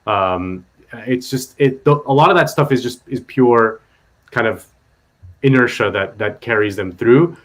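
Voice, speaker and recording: A man appearing as a guest journalist on a political talk show, talking casually and haltingly with many fillers. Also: medium pitch. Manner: rambling, hesitant, full of fillers.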